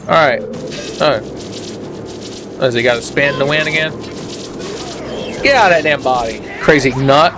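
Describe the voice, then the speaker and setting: A man's voice: medium pitch, unhurried, pauses often. A young man giving sarcastic, profane commentary while playing a video game. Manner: sarcastic, swears freely. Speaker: let's play commentator. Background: game music.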